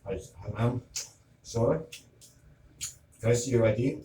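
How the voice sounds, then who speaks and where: Middle-aged man, heated rant, mic well off, room echo and steady background noise. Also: mid-range voice, a little slow. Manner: agitated, retells arguments with quoted back-and-forth. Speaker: vlogger. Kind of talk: ranting monologue. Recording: roomy, distant mic, noisy ambience.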